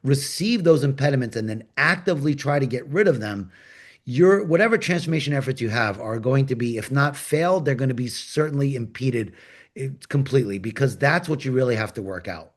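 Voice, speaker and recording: A man from New York leads a panel discussion. His pitch swings widely as he tells stories and acts out the voices of the people in them. He sits at a middling pitch and speaks in a conversational way. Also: a little fast. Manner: animated storyteller, acts out quoted dialogue. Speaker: agile coach and panel host.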